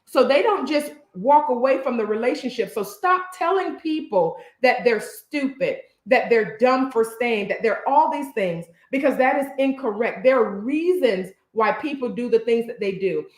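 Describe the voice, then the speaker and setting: A woman therapist talking earnestly and emphatically straight to her listeners, stumbling now and then as she picks her words with care. Her voice sits a little high for a woman. The sound bounces around a reverberant room. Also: expressive, moderate pace, hardly any pauses. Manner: stutters a little, choosing words carefully. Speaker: therapist and social worker, co-host. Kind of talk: casual couple's talk show.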